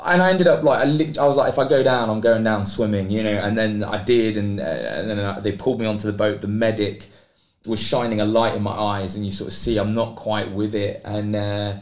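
This is a guest athlete from Britain with a lowish voice that runs a little fast. Telling a long story on a podcast, he gets animated and performs the quoted voices himself, all captured with a roomy echo.

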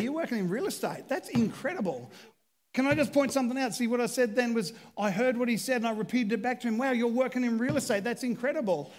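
A man's voice: very high-pitched, big-room sound. A man preaching a humorous sermon as pastor, chatty and self-deprecating as he jokes with the congregation from a church stage.

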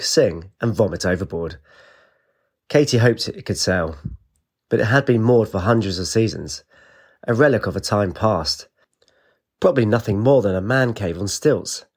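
A man with a lowish voice reads a fantasy audiobook aloud. His delivery is steady and measured, the voice of a storyteller. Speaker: narrator. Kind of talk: audiobook narration.

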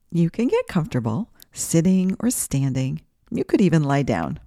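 Low-voiced woman reading a kids' story. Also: no echo, studio quality. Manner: warm, guiding, sing-song. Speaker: children's podcast host and storyteller. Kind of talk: reading a children's story aloud.

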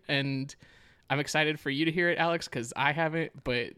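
A man's voice: on the high side, big pitch swings, moderate pace, fairly bright tone. A man co-hosting a casual podcast, joking and self-deprecating as he banters with his friend. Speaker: podcast co-host.

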